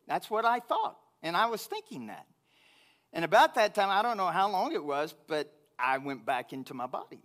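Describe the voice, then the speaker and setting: A man preaching to his congregation, telling a personal story in an animated way that grows loud and high when he gets excited. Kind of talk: sermon storytelling.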